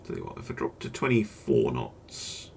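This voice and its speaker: A man hosting a gaming channel, giving relaxed gameplay commentary and thinking aloud as he works through choices, with hesitant fillers. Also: very deep voice, normal speed, gravelly, a little hiss or hum.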